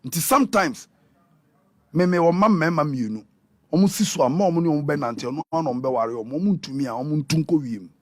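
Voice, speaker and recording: A man from Ghana with a Ghanaian accent, a pastor talking in a radio interview in an animated preaching manner, switching between Twi and English. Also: on the high side, fairly quick, no echo.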